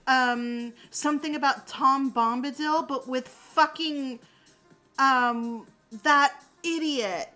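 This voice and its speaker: A woman in a casual live-stream chat, talking straight to her viewers in an animated way and swearing freely. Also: high voice, slow pace, soft background music.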